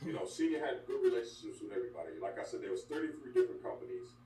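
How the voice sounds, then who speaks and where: An older man tells his stories in quick, lively bursts, his voice swinging up and down as he gets worked up. His tone is low and mellow, with a blunt, plain-spoken manner and lots of asides. He sounds distant from the mic in an echoey room with a faint hum behind him. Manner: animated, blunt storyteller with frequent asides. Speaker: interview guest, former wrestler. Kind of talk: candid storytelling interview.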